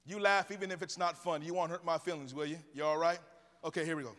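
Male preacher, high voice, playful call-and-response, recorded with long church reverb. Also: steady tone, quick pace, fairly bright tone. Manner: playful storytelling. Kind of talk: sermon with jokes.

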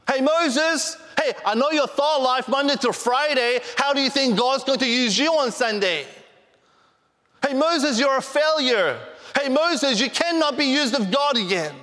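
A preacher acting out a male devil who sneers and hurls repeated accusations at a sinner, in a voice pitched well above his own. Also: lively intonation, a little slow, pushed and bright, exaggerated voice. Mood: taunting. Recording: long hall reverb.

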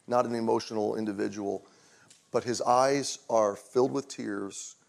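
A middle-aged male pastor telling a personal story in a conversational sermon, going quiet and low in tender moments. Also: gravelly.

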